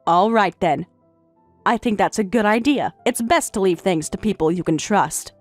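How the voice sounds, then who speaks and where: A woman voicing a middle-aged stepmother, speaking in a calm, detached and formal way. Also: medium pitch, normal speed, no room sound, faint music behind, lightly acted. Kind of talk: story narration with voiced roles.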